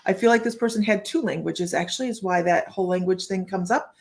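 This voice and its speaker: Talking fast in a lowish, gravelly, slightly mellow voice, this psychic reader hosts a live stream and rambles as she thinks out loud. She addresses viewers straight on in a chatty way and says hello to each by name.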